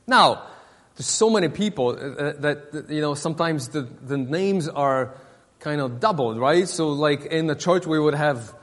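Pastor guy, high voice, stumbles and repeats himself a lot, church sermon w/ long echo. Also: expressive, a bit bright. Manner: halting, repeats words, many fillers. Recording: long reverb of a hall.

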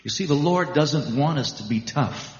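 A man's voice: fairly high pitch, expressive, moderate pace. An American man, a gospel singer, talking in a folksy, conversational way with many fillers in a spoken interlude over his song. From United States. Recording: roomy reverb, dull sound, loud music. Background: loud guitar music.

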